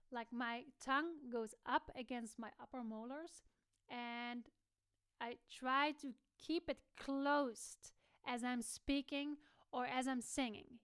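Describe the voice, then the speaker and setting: A woman's voice: high voice, steady tone, takes it slowly, a bit bright, clear, resonant tone, dry recording. A young woman, teaching a singing lesson and stopping to demonstrate sounds herself. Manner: demonstrative, switching between explaining and sung or spoken examples. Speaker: vocal coach.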